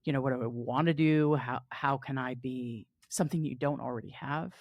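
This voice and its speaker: Very low-voiced woman host. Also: normal speed, no room sound, highs cut off. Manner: reflective, asks open questions. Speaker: podcast host. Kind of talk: casual interview chat.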